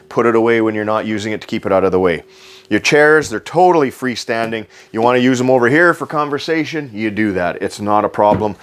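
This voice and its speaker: A man giving an enthusiastic, joking sales walkthrough inside a travel trailer, repeating his selling points. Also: medium pitch.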